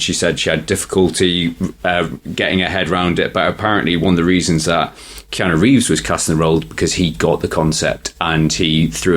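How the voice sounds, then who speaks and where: A man co-hosting a casual film podcast, explaining trivia in a rambling way with many restarts. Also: low voice. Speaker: podcast co-host.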